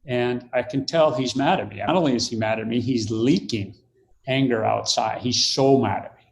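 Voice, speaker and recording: A man's voice: medium pitch, moderate pace, creaky. An older man, a podcast guest, telling a story in conversation and acting out the quoted voices.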